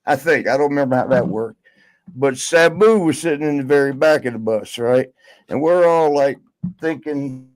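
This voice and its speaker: A man's voice: medium pitch, normal speed, darkish tone, no room sound, low-quality recording. A man telling a long road story in casual podcast chat, rambling with many fillers. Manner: rambling, lots of fillers and laughs. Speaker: podcast guest.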